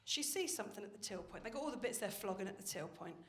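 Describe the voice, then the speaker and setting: A woman performing a stand-up comedy set on stage, telling stories in a brash, animated way with plenty of swearing. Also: mid-range voice, fast talker. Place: stage of a live comedy venue. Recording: roomy live venue with faint noise. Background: audience laughter.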